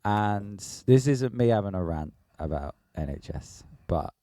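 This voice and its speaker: Low, warm-toned man telling stories. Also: unhurried, no echo, clean studio sound. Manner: animated, swearing, laughing storyteller. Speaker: podcast co-host. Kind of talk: casual storytelling chat.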